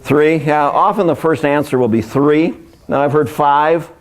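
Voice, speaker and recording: A man's voice: a little high, steady tone, measured pace. A man giving a live seminar presentation, joking and speaking directly to his audience. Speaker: workshop speaker.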